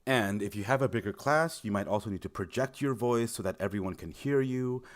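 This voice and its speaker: Low-voiced encouraging man explaining. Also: a little fast. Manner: friendly, encouraging, stresses key words with lifts in pitch. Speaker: recruiter explaining teaching in China. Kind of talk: informal explainer video.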